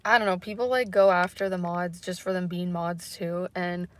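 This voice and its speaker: A woman's voice: lowish voice, level tone, normal speed. Hesitant woman rambling on a livestream. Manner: hesitant, rambling, many fillers; soft, unsure, apologetic. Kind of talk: casual livestream chat.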